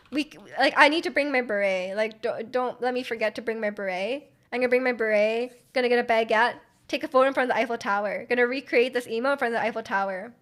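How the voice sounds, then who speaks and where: A woman's voice: a little high, fairly bright tone. A young Canadian woman streaming casual chat. She is giggly and filler-heavy, and her mouth is dry from hours of talking. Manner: chatty, giggly, lots of fillers.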